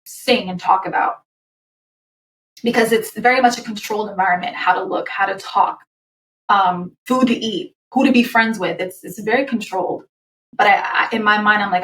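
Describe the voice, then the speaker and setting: A woman guest, a singer, recounts her past in a candid, animated way, often restarting her sentences. Her voice sits in a middle range. It sounds roomy, as if she is a little back from the microphone. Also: mid-range voice, recorded from a distance. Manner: animated, quick, with laughs and restarts. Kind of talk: candid personal storytelling.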